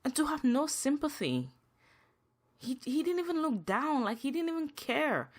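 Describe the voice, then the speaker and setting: Woman ranting solo on her podcast, emphatic, keeps repeating herself, goes higher when worked up. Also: sing-song, moderate pace. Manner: emphatic, repetitive, rises in pitch when upset. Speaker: podcast host. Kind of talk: solo podcast monologue, venting.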